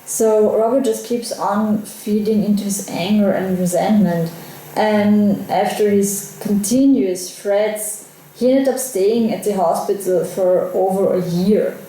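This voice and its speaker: A woman's voice: mid-range voice, slow pace, warm tone, very echoey, low-quality recording. A woman narrating a true crime case in a conversational way, adding her own asides. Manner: conversational, personal asides while recounting events.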